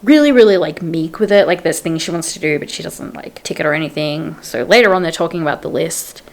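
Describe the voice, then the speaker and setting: A woman's voice: low-pitched, quick pace, creaky, a little mellow. A young adult woman vlogging casual book-review chat, retelling scenes in quotes and saying "like" often.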